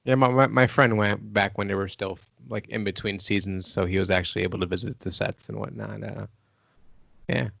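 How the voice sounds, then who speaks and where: An American man co-hosts a casual podcast in a low, gravelly voice. He talks in a laid-back, tired way, as if it is late at night. The audio is dry and slightly muffled. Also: fairly even intonation, fairly quick, fairly bright tone, dry recording. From United States. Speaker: podcast co-host.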